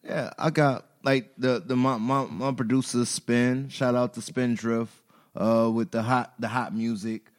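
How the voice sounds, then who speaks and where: A man's voice: medium pitch, measured pace. A man, a rapper and podcast guest, telling personal stories candidly, emotional and laughing, with casual cursing. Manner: emotional, laughing, expressive storytelling with curses. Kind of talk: candid storytelling chat.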